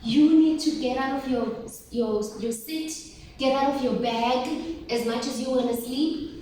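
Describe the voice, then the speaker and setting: A high-pitched woman gives a lively motivational talk to a group of teens, firing questions at them and pushing them to answer. She is picked up from across a very echoey room, with faint noise underneath. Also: unhurried, distant mic. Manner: animated, asks the audience questions and calls for replies. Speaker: workshop speaker for teen girls.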